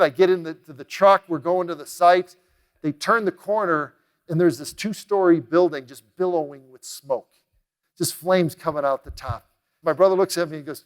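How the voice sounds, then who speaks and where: A man's voice: on the high side, normal speed. A middle-aged man giving a motivational keynote talk, telling stories with energy and acting out the dialogue as he goes. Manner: energetic, acts out quoted dialogue in a lively way. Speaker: motivational speaker.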